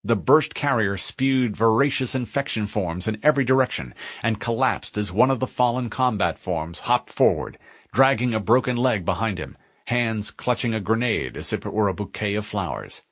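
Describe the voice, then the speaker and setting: A man narrating a military science-fiction audiobook in a vivid, expressive storytelling manner. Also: lowish voice, normal speed, no room sound, studio quality.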